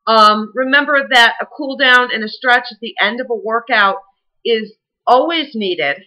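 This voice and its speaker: A woman's voice: on the high side, unhurried, pushed and bright, low-quality recording. A young adult woman with a Southern US accent, a fitness instructor giving chatty, encouraging workout advice to the camera. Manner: chatty and encouraging, many fillers. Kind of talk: casual advice talk to camera.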